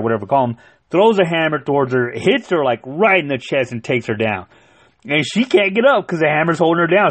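An excitable man recaps a comic book issue in loose, profane chat. He stumbles through restarts and fillers as he talks, at an ordinary middle pitch. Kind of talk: casual plot recap.

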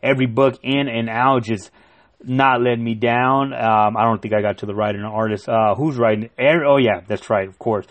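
An excitable man recaps a comic book issue in loose, profane chat. He stumbles through restarts and fillers as he talks, at an ordinary middle pitch. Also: normal speed. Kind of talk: casual plot recap.

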